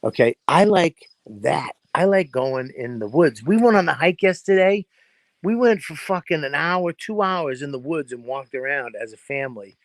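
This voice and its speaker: Profane animated man, crickets behind. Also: a little high, moderate pace, dry recording. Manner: profane, animated storyteller who mimics noises. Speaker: podcast co-host. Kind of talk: casual chat. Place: home in New Hampshire, crickets behind.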